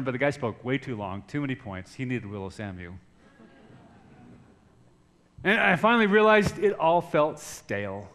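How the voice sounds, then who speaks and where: In this sermon, a middle-aged male pastor with a fairly high voice recounts a personal story. He moves between hushed, soft passages and loud shouting.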